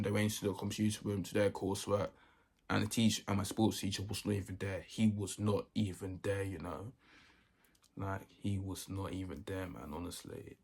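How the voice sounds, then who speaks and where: A man's voice: fairly low pitch, creaky, husky. A young man, telling a story in a casual, rambling way that keeps repeating itself. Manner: rambling, repeats himself often. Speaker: vlogger.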